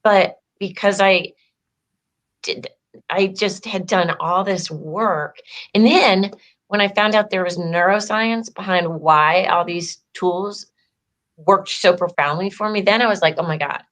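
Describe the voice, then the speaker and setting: A woman with a medium-pitched, fairly bright voice speaks slowly as she tells her story as an empowerment coach in a casual interview. She's chatty and says "like" a lot, acting out the dialogue she quotes.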